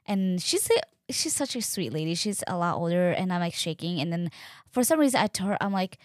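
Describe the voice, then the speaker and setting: A young woman telling a personal story in a casual, animated way, acting out quoted dialogue and using lots of fillers. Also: fairly low pitch, brisk, dry recording, clean studio sound. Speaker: podcast host.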